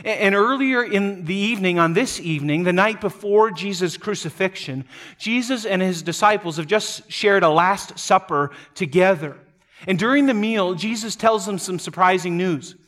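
Guy pastor giving a sermon, pretty high voice, earnest, keeps restarting words. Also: normal speed, a bit bright. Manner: earnest storytelling with frequent restarts and light laughs.

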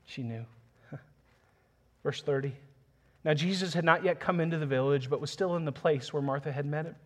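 Pastor, male, slightly high voice, earnest sermon delivery that swells into passionate emphasis. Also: moderate pace. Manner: reads scripture aloud, chuckles softly.

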